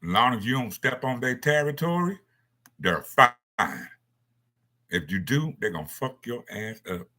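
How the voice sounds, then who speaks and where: Guy ranting casually, blunt and profane, kinda husky voice. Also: medium pitch, lively intonation, measured pace, pushed and bright. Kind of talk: casual monologue.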